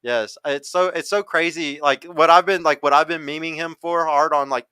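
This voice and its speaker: Brash dude hosting a livestream, bright clear voice, swears a lot, dry sound. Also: male voice, a little high, fairly even intonation, normal speed, no room sound. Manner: brash, profane, reads out chat comments. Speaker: podcast host and dating coach. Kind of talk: casual livestream podcast chat.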